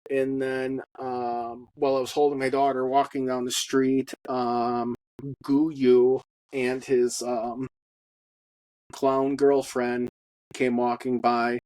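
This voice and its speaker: A man giving a personal testimony in a halting monologue, with many fillers and blunt profanity. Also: medium pitch, level tone, a little mellow, dry recording, rough recording. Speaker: storyteller.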